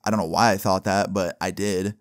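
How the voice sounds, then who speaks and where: A man's voice: low voice, level tone, brisk, dry recording, clean studio sound. A young man telling a story casually, with heavy slang and filler words. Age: young adult. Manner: casual, slangy, lots of "bro" and "like". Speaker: vlogger.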